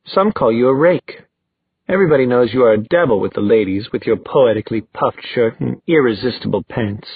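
A man's voice: mid-range voice, lively intonation, a little fast, husky, dry recording. A man voicing a bold, teasing young woman in an audiobook, playful and theatrical. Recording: dry, phone-like thin sound.

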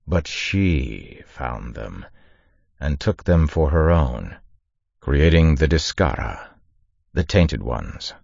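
A man with an extremely deep, low voice gives a measured, dramatic audiobook narration. The recording is dry and close, with a slightly dull, muffled top end. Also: dry recording. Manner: measured dramatic reading, raises voice for shouted orders. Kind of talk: scripted narration.

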